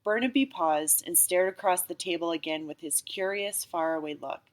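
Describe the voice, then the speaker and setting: A woman narrates an audiobook story in a calm, steady way. Her voice sits a little low, and the reading is even and unhurried.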